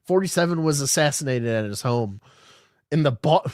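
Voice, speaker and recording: A man's voice: a little high, lively intonation, moderate pace, no room sound, clean studio sound. A man hosting a podcast, reading news articles aloud and riffing on them in an irreverent, swearing, casual way. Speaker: podcast host. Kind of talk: casual livestream commentary.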